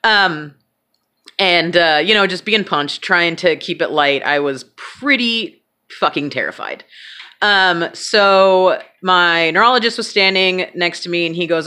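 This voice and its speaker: Bright-voiced woman telling a candid story. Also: on the low side, unhurried, clear, resonant tone. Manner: candid, swears freely, self-mocking humor. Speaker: vlogger. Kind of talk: casual personal storytelling.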